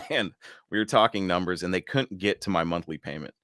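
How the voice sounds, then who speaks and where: A man's voice: low-pitched, brisk, a bit bright, no echo, studio quality. A man hosting a podcast, telling a story in casual chat and laughing as he goes. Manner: laughs through stories, acts out quoted voices. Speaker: podcast host.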